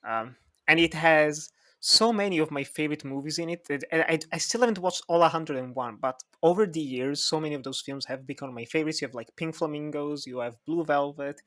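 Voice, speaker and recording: Guy hosting a movie book podcast, kinda high voice, laughs a lot. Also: brisk, fairly bright tone. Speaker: podcast host. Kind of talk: casual chat.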